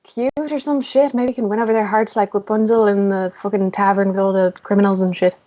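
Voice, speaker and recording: A woman's voice: mid-range voice, fairly even intonation, brisk, mellow, dull audio. A woman player at a tabletop game, joking casually and swearing freely.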